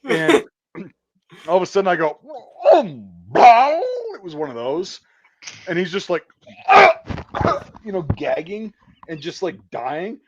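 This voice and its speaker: A man's voice: a little high, big pitch swings, measured pace, pauses often, highs cut off, heavy background noise. A man in his thirties hosting a crude casual talk show, telling profane stories and laughing often. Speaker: podcast host.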